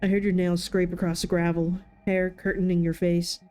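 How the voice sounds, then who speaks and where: A woman's voice: fairly low pitch, little pitch movement, moderate pace, darkish tone, soft background music. A young woman playing a visual novel, reading its narration aloud and adding chatty asides full of fillers. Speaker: let's-play gamer.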